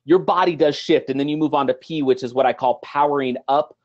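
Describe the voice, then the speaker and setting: A middle-aged man, a guest on an interview show, talking in an animated, motivational way and acting out little everyday scenes. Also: fairly high pitch, a little fast, muffled recording.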